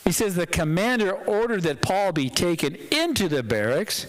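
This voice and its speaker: A male pastor giving a conversational, dramatic sermon in a church, with pauses for effect. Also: high-pitched, sing-song, poor audio.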